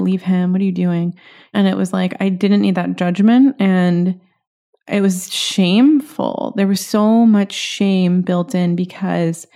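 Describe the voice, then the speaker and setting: A woman hosting a podcast, candidly telling a personal story in a halting, unscripted way with many fillers. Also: on the low side, creaky, mellow. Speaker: podcast host.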